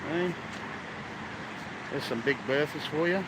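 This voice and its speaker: A man's voice: on the high side, a little slow. A man from Australia with an Australian accent, live-streaming casually as he walks outdoors. He talks bluntly and swears a lot. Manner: blunt, crude, swears heavily. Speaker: travel vlogger. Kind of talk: casual live-stream chat while walking. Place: busy street outdoors, by the beach. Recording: loud street and traffic noise. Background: traffic and street ambience.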